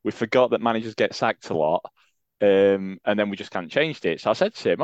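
Male co-host, deadpan self-mocking, dry close mic with a dull lo-fi sound. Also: on the low side, fairly quick, no echo. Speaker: podcast co-host. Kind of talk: casual chat.

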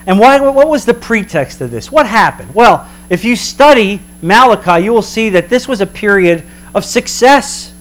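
A man preaching a sermon as a pastor, emphatic, slowing down for dramatic weight. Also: sits high, sing-song, fairly bright tone.

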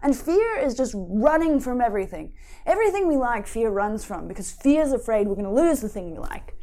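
Give me a woman with a high voice giving a playful, lively wellness talk. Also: fairly quick.

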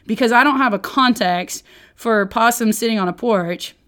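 A woman's voice: a little high, normal speed, a bit bright. Woman, podcast host, devotional teaching, chatty, rambling, restarts mid-sentence. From Oklahoma, United States. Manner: chatty, rambling, self-interrupting.

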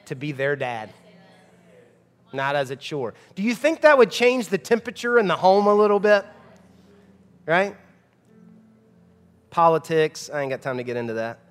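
High-voiced preacher in a reverberant church. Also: male voice, big pitch swings, moderate pace, pauses often, fairly bright tone, faint music behind. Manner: conversational, emphatic preaching with rhetorical questions. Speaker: pastor. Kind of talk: sermon. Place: church sanctuary. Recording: long hall reverb of a church.

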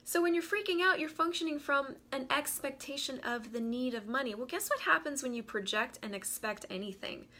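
A woman's voice: sits high, expressive, fairly quick, hardly any pauses, bright, forceful tone, a little hiss or hum. A woman hosting a live coaching stream, talking animatedly, laughing and greeting viewers as she goes. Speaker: host of a live money coaching show.

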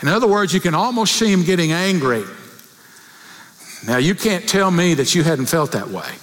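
Animated high-voiced male preacher in a hall. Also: moderate pace. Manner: animated, voicing prayers and rising to near shouts. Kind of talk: sermon.

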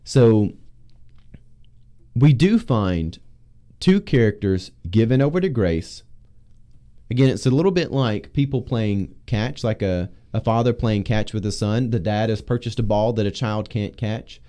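A man leading a casual Bible discussion as pastor, teaching with animated emphasis. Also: fairly low pitch, unhurried.

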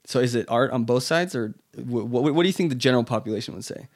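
A man's voice: medium pitch, quick pace. A man as a podcast guest, talking loosely with lots of fillers and restarts. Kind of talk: casual conversation.

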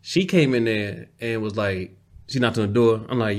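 A man's voice: lowish voice, normal speed. A man co-hosting a podcast, telling stories in casual chat and acting out the people he quotes. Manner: animated storyteller, quotes people in acted voices. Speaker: podcast co-host.

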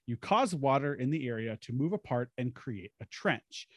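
Man, podcast host, lively pitch, dry close sound, chatty storyteller. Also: normal speed, no echo. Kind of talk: casual storytelling about a tabletop game.

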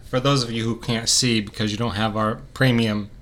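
A man hosts a podcast and runs a quiz, playfully teasing and questioning his co-host like a quiz master in casual banter. His voice is fairly low and fairly bright, with fairly even intonation and a moderate pace.

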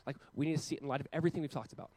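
A man in his thirties preaching a sermon as a pastor, earnest, with loud emphatic peaks and quiet, slowed passages. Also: a little high, fairly even intonation, no echo, poor audio.

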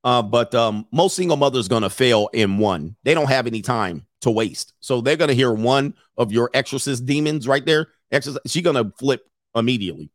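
A brash man talks straight at his viewers, handing out dating advice with plenty of swearing and jokes. His voice sits at an ordinary middle pitch. The recording is dry and close, with no room sound. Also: animated, normal speed, few pauses, no room sound. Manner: brash, profane, joking delivery with mocking quoted voices. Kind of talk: casual monologue to viewers.

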